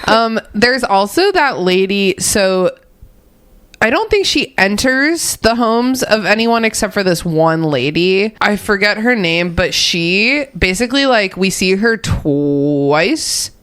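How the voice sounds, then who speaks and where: A young woman co-hosting a podcast, talking about a book in a chatty, swearing way, full of "like" and quick laughs. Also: mid-range voice, animated, a bit bright, clear, resonant tone. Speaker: podcast co-host. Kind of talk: casual book discussion.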